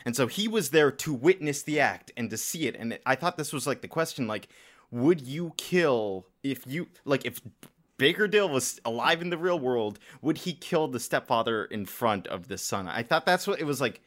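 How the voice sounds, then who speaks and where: A man in a casual movie discussion, talking in an animated way, jumping up in pitch and laughing. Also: moderate pace.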